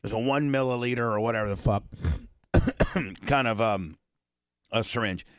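A man's voice: fairly low pitch, moderate pace, dry recording. Male host, crude rambling storyteller, dry close-miked voice. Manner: crude, rambling, many restarts. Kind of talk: casual chat, storytelling.

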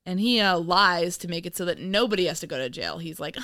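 A woman's voice: lowish voice, fairly quick, few pauses, bright, forceful tone, no echo, clean studio sound. A woman co-hosting a podcast in casual chat, giggling often and rambling with fillers. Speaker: podcast co-host.

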